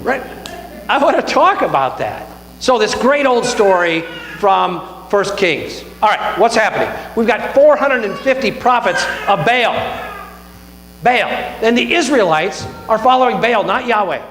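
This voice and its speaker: Animated preacher man in an echoey hall. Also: high-pitched, unhurried. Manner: animated storytelling with asides like "right?". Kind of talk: sermon. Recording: echoey hall with faint mains hum.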